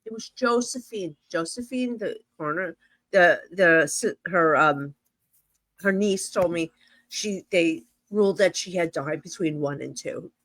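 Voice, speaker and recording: A woman's voice: on the low side, a little slow, a bit bright, no room sound. A middle-aged woman from New Jersey, a psychic medium telling stories in a casual interview, rambling and full of fillers like "you know".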